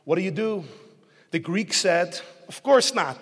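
A bright, high-voiced man preaching in a synagogue. He tells jokes and stories and swings from quiet asides to loud emphatic peaks. His husky voice rings out through a long hall reverb. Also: animated, a little slow. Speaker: rabbi. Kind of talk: sermon with jokes. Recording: echoey hall recording.

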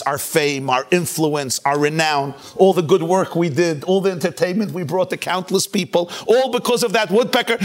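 Middle-aged rabbi guy preaching, tells stories and does the voices, kinda high voice. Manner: expressive storyteller, acts out quotes with big pitch swings. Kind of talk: sermon with storytelling.

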